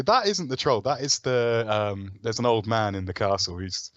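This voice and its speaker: A man's voice: lowish voice, moderate pace, dull audio. A man with a sore throat from a cold, chatting as a game developer guest in a self-deprecating, hesitant way. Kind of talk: casual interview chat.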